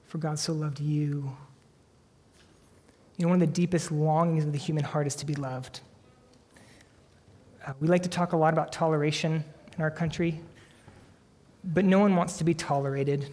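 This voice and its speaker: A man preaching a sermon as pastor, earnest and emphatic, swinging from strong peaks down to soft, quiet lines. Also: a little high. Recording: long hall reverb.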